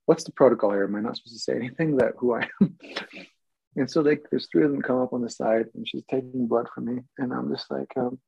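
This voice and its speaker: An actor guest tells a story casually, rambling and amused, with many restarts and fillers. His voice is medium-pitched, fast and creaky, with a darkish tone and a breathy edge. The recording has no echo but sounds muffled.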